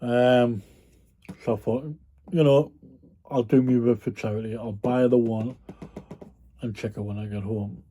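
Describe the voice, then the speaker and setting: A man's voice: medium pitch, fairly even intonation, a little slow, long pauses, dark tone. A man talking casually to his viewers about items he resells, rambling with frequent ums and the odd yawn. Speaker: reseller vlogger. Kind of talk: casual chat.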